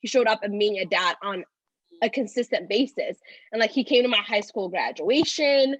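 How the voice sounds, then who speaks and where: A woman in her thirties, appearing as a podcast guest, recounts personal stories at normal speed in a husky, medium-pitched, animated voice. Her casual rambling runs together in loose phrases stuffed with "like," and now and then she sounds tearful. There's no room sound, but the recording is rough.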